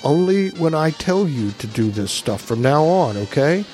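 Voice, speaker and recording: A man's voice: a little high, big pitch swings, normal speed, darkish tone, soft background music. A man playing a pushy middle-aged gangster who talks in a blustery, bossy way.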